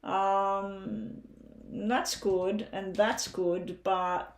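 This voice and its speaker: A woman's voice: medium pitch, level tone, very slow. Chatty Australian woman reading tarot. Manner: chatty, thinks aloud over the cards. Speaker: tarot reader. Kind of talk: live-stream tarot reading.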